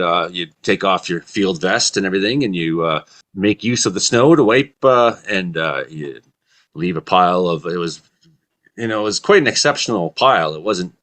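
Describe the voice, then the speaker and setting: A man hosting a comedy talk show, telling rambling deadpan stories in a casual chat. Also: on the low side. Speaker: comedy weather show host.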